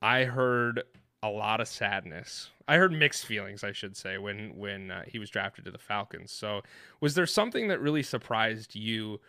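A man co-hosting a podcast, retelling an experience in an excited, rambling way, full of restarts and fillers. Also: lowish voice, moderate pace, no room sound, clean studio sound. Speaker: podcast co-host. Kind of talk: animated storytelling in casual chat.

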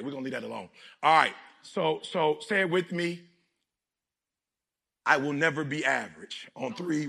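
A man from Detroit giving a motivational speech to a live audience, gravelly and emphatic, often shouting. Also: a little high. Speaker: motivational speaker.

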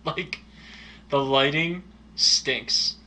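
A man's voice: a little high, very slow, pushed and bright. A man in casual chat reviewing a movie, dry and teasing, with blunt verdicts.

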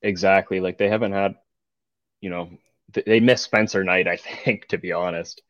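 A man's voice: deep voice, steady tone, normal speed, fairly bright tone, no echo. A young man in a casual sports chat, blunt and offhand. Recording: dull lo-fi mic.

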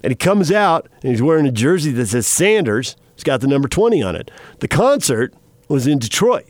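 Lively-voiced man telling stories on radio. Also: medium pitch, a little fast, no room sound. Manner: storytelling, animated, chatty. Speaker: radio host. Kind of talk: casual radio talk.

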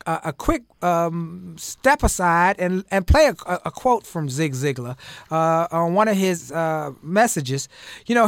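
Brief: an animated male interviewer, higher voice, with lots of ums and restarts. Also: no room sound, studio quality. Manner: animated storyteller with frequent fillers. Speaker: talk show host. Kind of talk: conversational interview.

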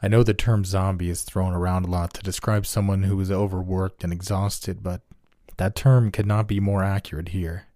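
A male horror narrator with a very low, dark, mellow voice, telling a first-person tale in a steady, measured way. The sound is close and dry, with no room echo.

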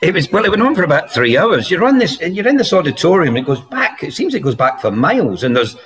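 A former footballer, a man, guest on a podcast, telling anecdotes in a lively way and laughing through his stories. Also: on the high side, fast. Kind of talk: anecdotal storytelling.

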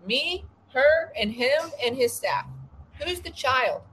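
A woman's voice: high-pitched, lively intonation, slow pace, a bit bright, slight background noise, rough recording. A woman, co-hosting a podcast and telling a story in an indignant, profane rant. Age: 40s. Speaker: podcast co-host. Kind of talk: casual storytelling chat.

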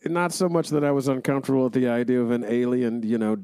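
A man's voice: mid-range voice, level tone, fast, warm tone, clean tone, no room sound. A man co-hosting a movie podcast, talking in a dry, teasing, laid-back way. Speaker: podcast co-host. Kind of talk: casual movie podcast chat.

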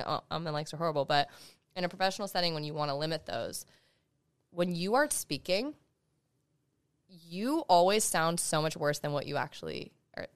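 A young woman, a law student guest on a podcast, talking fast and emphatically in casual conversation as she gives advice. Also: sits low, clear, resonant tone, no echo.

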